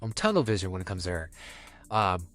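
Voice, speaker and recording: A man's voice: low-pitched, very animated, a little fast, fairly bright tone, soft background music. A young man co-hosting a podcast, talking casually and easygoing about dating and his girlfriend. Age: young adult. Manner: easygoing, rambling with restarts. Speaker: podcast co-host.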